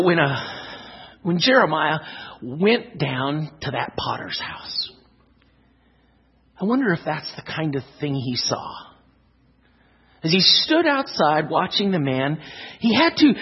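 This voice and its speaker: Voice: medium pitch, breathy edge, lo-fi sound. A speaker giving an emphatic devotional talk to young scouts, telling a children's story along the way.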